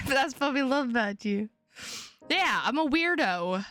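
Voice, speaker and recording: A woman's voice: high voice, animated, a little slow, a bit bright, dry recording, faint music behind. A woman streamer chatting playfully and swearing freely while reading a visual novel's text aloud. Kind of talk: casual live-stream chat, reading game text aloud.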